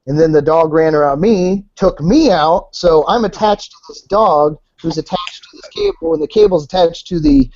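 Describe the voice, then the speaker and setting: A man telling wild stories on a podcast, animated and swearing freely. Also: on the high side, moderate pace, hardly any pauses. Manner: animated, swears, acts out voices in anecdotes. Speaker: podcast guest. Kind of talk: casual storytelling. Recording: dull lo-fi podcast audio.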